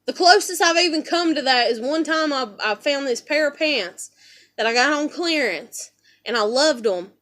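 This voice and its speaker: A woman's voice: sits high, expressive, normal speed, a bit bright. A woman venting bitterly in a vlog, swearing heavily and rambling with lots of fillers. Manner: heavy swearing, rambling with "you know" fillers; bitter and heated. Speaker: vlogger. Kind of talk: angry personal rant.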